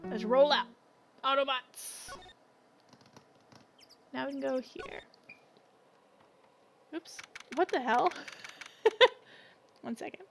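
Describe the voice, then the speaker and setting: A woman's voice: high-pitched, expressive, very slow, creaky, pauses often. A woman playing through a game on a live stream, joking and reading the characters aloud. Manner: playful, reads characters aloud. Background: game music.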